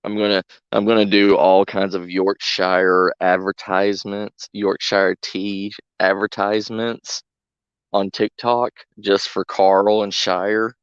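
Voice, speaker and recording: A man's voice: on the low side, flat delivery, slow, clear, resonant tone, no room sound, lo-fi sound. A man streaming a game, bantering with his chat in a joking, giggly way. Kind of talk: casual chat to stream viewers.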